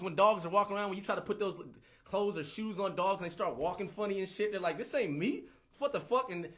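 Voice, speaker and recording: A man hosting a livestream, ranting in a casual, profane, animated way and repeating himself. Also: a little high. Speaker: livestream host.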